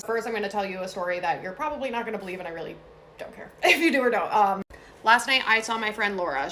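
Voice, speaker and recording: A woman's voice: mid-range voice, bright, forceful tone, slight background noise. A young woman casually telling a true ghost story to her phone, chatty and full of fillers and asides.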